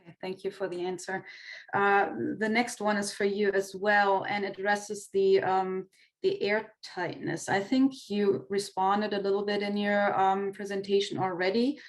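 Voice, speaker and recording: German-accented woman reading out audience questions on a video call, lots of ums and restarts. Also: mid-range voice. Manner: hesitant, many fillers and restarts. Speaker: Q&A moderator. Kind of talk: webinar Q&A moderating.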